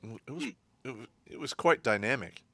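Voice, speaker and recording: A man's voice: medium pitch, lively intonation, normal speed, fairly bright tone, no echo. A man co-hosting a casual livestream chat, telling a story and laughing through the punchlines. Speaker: co-host.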